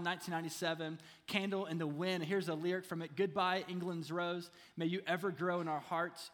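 A male pastor delivers a sermon in a lively, joking manner and keeps asking his audience "right?" His voice sits a little above most men's. It rings out with the long reverb of a large hall. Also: sits high.

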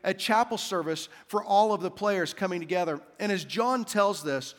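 A man preaching a sermon as senior pastor, repeating key phrases in a slow, emphatic cadence. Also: sits high, long reverb tail.

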